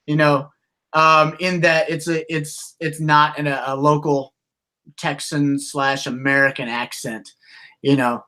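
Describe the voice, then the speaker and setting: In a casual podcast chat, a co-host with a bright, forceful, somewhat high voice relates stories haltingly, often restarting his phrases. He gets animated and slips into character voices whenever he quotes someone.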